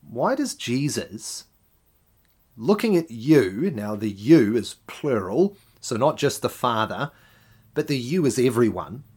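A man's voice: medium pitch, husky. A man preaching a sermon, often putting rhetorical questions to the congregation.

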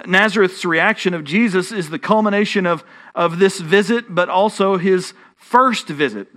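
A man's voice: high voice, fairly bright tone. A man with a Texan accent preaching a sermon as pastor, rising in emphasis and often restarting his phrases.

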